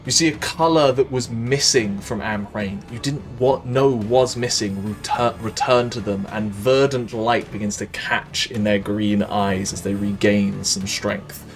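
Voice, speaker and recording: A man's voice: fairly low pitch, fairly even intonation, unhurried, hardly any pauses, faint music behind. A man with a Welsh accent narrating a tabletop game as dungeon master, descriptive and hesitant with frequent ums.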